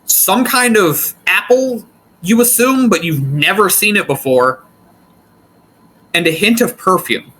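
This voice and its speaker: A man narrating as game master of a tabletop game, describing scenes in an unhurried way. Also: sits high, expressive, bright, forceful tone, poor audio.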